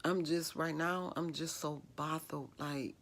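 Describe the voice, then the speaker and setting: A woman's voice: sits low, fairly even intonation, a little slow. A middle-aged woman, telling a personal story in a vlog, emotional and rambling with many fillers. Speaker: vlogger.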